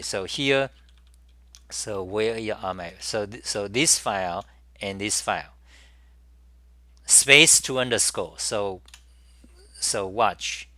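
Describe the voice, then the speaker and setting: Slow, bright-voiced man demoing software. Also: fairly low pitch, no room sound. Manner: halting, repeats words and restarts while working. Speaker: programming tutorial host. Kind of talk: live screen-recorded software demo.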